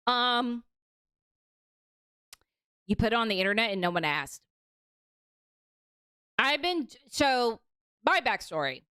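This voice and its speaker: Woman, young adult, streamer, blunt, cursing, smooth tone, dry close sound. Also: a little high, expressive, slow, long pauses, bright, forceful tone, no echo. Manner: blunt, profane, ranting. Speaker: stream host. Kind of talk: casual commentary livestream.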